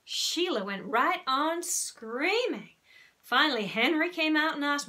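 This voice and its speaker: A young woman reads a children's novel aloud with lively expression, stopping now and then to explain a word. Her voice is bright and a little high, with a friendly teacher's clarity. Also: slow pace. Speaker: primary school teacher.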